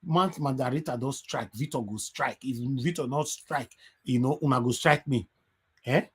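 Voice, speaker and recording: A man's voice: medium pitch, moderate pace, slightly rough. A man with a Nigerian accent hosting a phone-in radio show, moderating callers and slipping into Pidgin.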